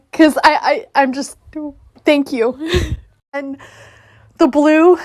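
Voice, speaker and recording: A woman's voice: high voice, fairly even intonation, takes it slowly, pauses often, no room sound. A woman chatting casually and emotionally, tearful and laughing as she gives thanks. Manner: tearful, gushing, laughing often. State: crying. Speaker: spiritual content creator.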